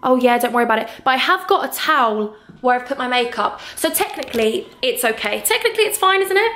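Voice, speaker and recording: A young woman telling a story in an animated, chatty vlog, acting out each side of the conversation from her hotel room. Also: sits high, quick pace, reverberant. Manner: animated, acts out both sides of conversations. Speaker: vlogger.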